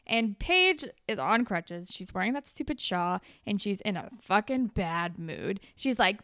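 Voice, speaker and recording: Young woman, podcast co-host, casual recap chat, smooth voice, dry room. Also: medium pitch, unhurried, no echo. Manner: animated, swearing, acts out characters in raised voices.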